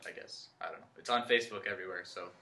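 A man co-hosting a casual podcast, cracking dry, deadpan jokes. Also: low voice, very fast, creaky. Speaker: podcast co-host. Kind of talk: casual chat.

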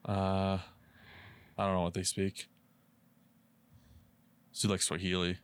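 A man's voice: deep voice, monotone, slow, clear, resonant tone. A man co-hosting a podcast in casual chat, laid-back and swearing freely. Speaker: podcast co-host.

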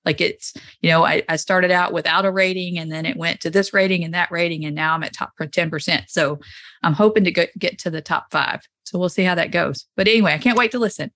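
A woman hosting a podcast, chatting casually and telling stories in an animated way. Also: lowish voice, fast. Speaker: podcast host. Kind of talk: casual chat.

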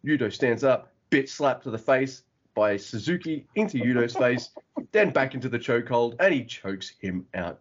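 A man co-hosting a podcast, recapping wrestling matches in lively, casual talk with swearing and laughs. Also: medium pitch, moderate pace. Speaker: podcast co-host. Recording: dull lo-fi audio.

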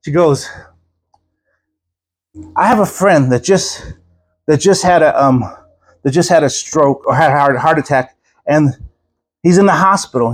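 Male preacher, high-pitched voice, lively storytelling, acts out quoted voices, laughs often. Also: husky. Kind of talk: storytelling sermon.

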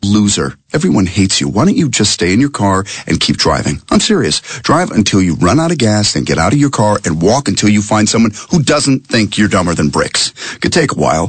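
An actor playing a cruel, mocking bully in a public service ad, taunting with contempt. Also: male voice, on the low side, big pitch swings, a little fast, few pauses, slightly rough, no room sound. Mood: sneering. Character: sneering adult male bully, cruel and mocking.

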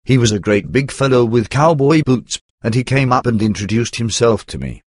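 A man narrating a first-person memoir in a measured, earnest storytelling manner. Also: medium pitch, lively intonation, no echo, clean studio sound.

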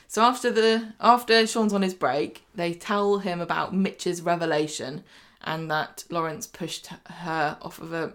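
A woman's voice: fairly low pitch, fairly bright tone. A woman co-hosting a casual chat show, recapping episodes in a chatty way and often laughing. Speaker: podcast co-host recapping a soap.

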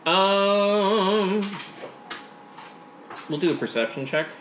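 A man's voice: high voice, extremely slow, a bit bright. A man narrating a tabletop game as game master, hesitant and full of fillers. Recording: roomy, background noise.

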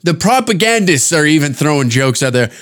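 Male podcast host, slightly high voice, swears freely, rambling mocking rants. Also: sing-song, a little fast, fairly bright tone. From Canada. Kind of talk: casual podcast rant.

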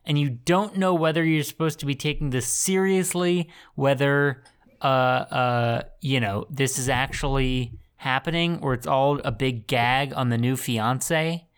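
A man's voice: mid-range voice, a little slow, clean tone. A man co-hosting a podcast, recapping a movie in casual chat with dry sarcasm. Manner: sarcastic, dry, does silly impressions. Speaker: podcast co-host.

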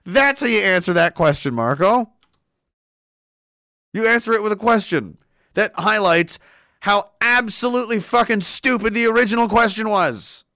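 Guy ranting sarcastic and sweary, high lively voice, bright, dry sound. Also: normal speed, dry recording. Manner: sarcastic, profane, exasperated, laughs a lot. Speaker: commentator. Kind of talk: ranting comedic commentary.

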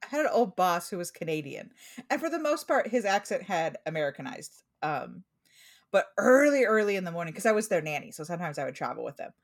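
Portland lady in her 30s chatting on a podcast, lowish voice, laughs a lot. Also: fast. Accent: Portland, Oregon. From Pacific Northwest US. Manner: chatty, laughs often, animated storytelling. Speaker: podcast co-host. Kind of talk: casual chat.

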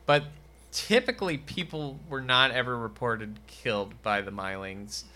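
Bright-voiced joking podcast man. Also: measured pace. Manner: jokey, bursts into loud high mocking voices. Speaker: podcast co-host. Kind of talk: casual podcast banter.

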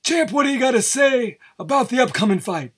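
A man's voice: extremely high pitch, expressive, fairly quick, a bit bright, slightly rough, pitched above the performer's own voice, heavily acted. A man doing an impression of a brash older male ringside boxing announcer, with a theatrical broadcaster cadence. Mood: announcing.

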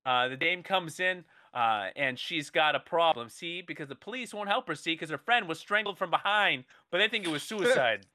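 A man with a high, bright voice riffs through a made-up movie plot for his co-hosts. He rambles playfully and keeps stopping to restart his sentences, all in a loose improvised comedy pitch. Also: lively intonation, normal speed, few pauses. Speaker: comedy podcast co-host.

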